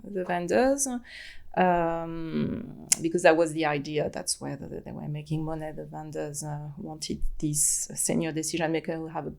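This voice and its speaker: A woman in her forties speaks English with a French accent, her voice sitting on the lower side and carrying a gravelly fry. She tells her stories as a podcast guest, animated, chatty and laughing often. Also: normal speed. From France. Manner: animated storytelling with frequent laughs and fillers. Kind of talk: casual conversational interview.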